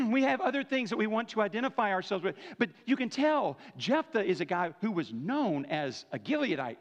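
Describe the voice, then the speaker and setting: High-voiced preacher man in echoey hall. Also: very animated, normal speed. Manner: conversational preaching, frequent "right?" tag questions. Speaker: pastor. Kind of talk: sermon. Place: church sanctuary. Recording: dull lo-fi church hall recording.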